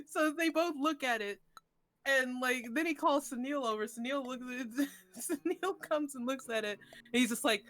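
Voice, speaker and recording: A woman's voice: high voice, lively intonation, moderate pace, fairly bright tone. A woman in casual chat, retelling a tabletop game session with many fillers and restarts.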